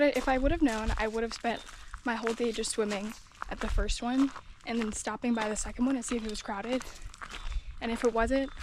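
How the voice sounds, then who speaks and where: A woman's voice: on the high side, background noise. Chatty young woman vlogging on a trail. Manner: chatty, filler-heavy, candid and upbeat. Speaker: travel vlogger. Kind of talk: casual vlog talk to camera. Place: outdoors on a hiking trail. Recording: with loud background music.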